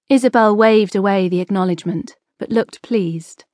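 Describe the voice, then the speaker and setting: A woman narrating a historical novel audiobook in a measured, expressive storytelling manner. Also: medium pitch, dry recording, clean studio sound.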